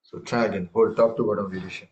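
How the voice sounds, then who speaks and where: A man's voice: fairly low pitch, steady tone, quick pace, highs cut off, heavy background noise. A man teaching a tabla class over a video call, correcting students and reciting rhythm syllables aloud. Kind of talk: online music lesson.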